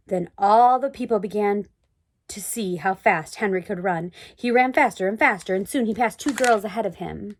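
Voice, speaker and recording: A woman reading a children's chapter book aloud in an expressive read-aloud manner. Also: medium pitch, normal speed. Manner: expressive, sing-song read-aloud delivery. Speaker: storybook reader.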